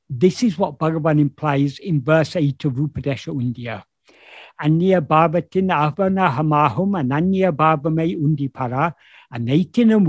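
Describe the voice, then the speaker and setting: A man's voice: a little high, darkish tone, slightly rough, no echo. A man explaining a spiritual text in a video call talk, thoughtful, often rephrasing himself mid-sentence. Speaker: spiritual teacher.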